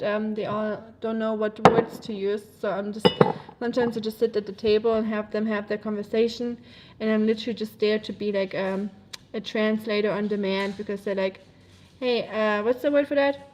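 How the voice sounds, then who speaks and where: A woman's voice: on the high side, darkish tone, slight background noise. A woman with a German accent, a native German speaker, chatting casually on a livestream, rambling with many fillers and frequent laughs. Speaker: livestreamer reading chat.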